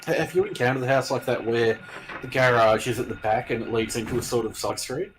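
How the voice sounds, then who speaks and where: A man's voice: medium pitch, brisk, noisy background. A man chatting casually and thoughtfully about a video game as co-host.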